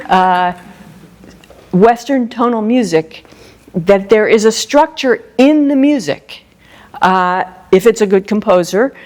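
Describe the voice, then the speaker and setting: A woman's voice: medium pitch, a little mellow. A woman flute teacher giving a masterclass, explaining phrasing, singing short phrases and asking the class questions. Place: music store event space.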